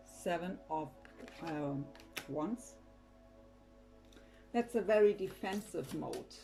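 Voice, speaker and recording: Low, mellow-voiced woman tarot reader. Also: slow pace, gravelly, long pauses, faint music behind, poor audio. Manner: defensive, rambling with restarts and sighs. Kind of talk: casual tarot reading to camera.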